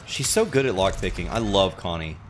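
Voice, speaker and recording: A man's voice: low-pitched, expressive, fairly quick, slight background noise. A man streaming a game and chatting casually, rambling and laughing at himself as he plays. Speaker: gaming streamer. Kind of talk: casual gameplay commentary.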